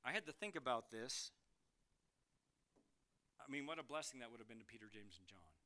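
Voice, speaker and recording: A man preaching a sermon, lively and questioning, reading scripture aloud and asking the congregation questions. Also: medium pitch, fairly quick. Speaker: pastor.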